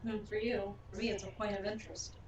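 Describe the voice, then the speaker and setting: A woman's voice: medium pitch, little pitch movement, fast talker, soft background music. A woman friend in casual chat, playful and curious. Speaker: friend of the streamer. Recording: roomy, distant mic, faint room hum.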